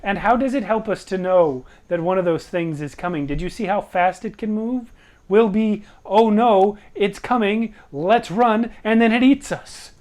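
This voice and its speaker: A man's voice: high voice, measured pace, darkish tone, pitched above the performer's own voice. A man voicing a nervous, grumbling male traveler in a tabletop game, complaining in a fretful way. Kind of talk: tabletop role-play.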